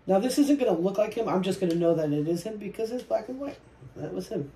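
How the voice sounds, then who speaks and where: A woman vlogger chatting casually while she paints, soft-spoken and reflective, often trailing off mid-sentence. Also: mid-range voice, animated, fast talker. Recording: roomy echo with faint noise.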